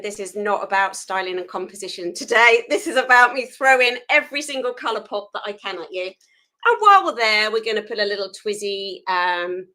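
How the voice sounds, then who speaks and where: A woman's voice: medium pitch, sharp tone, rough recording. A woman hosting a live food photography tutorial, chatty and self-deprecating while she works hands-on.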